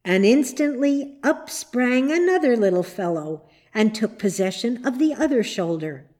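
A woman narrating a storybook in a measured, unhurried reading voice. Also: on the high side, lively intonation, a little mellow.

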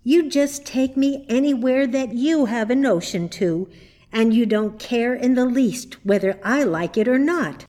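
A woman's voice: on the high side, lively intonation, a little slow, warm tone, pitched above the performer's own voice. A woman voicing an earnest young girl in a storybook, speaking in a raised, eager and insistent voice.

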